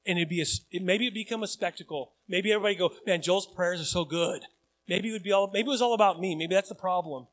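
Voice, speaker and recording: A male pastor preaching a sermon in a church, acting out desperate cries and then dropping to quiet reflection. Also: high-pitched, rapid-fire, few pauses. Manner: animated, acts out pleading cries then drops to quiet reflection.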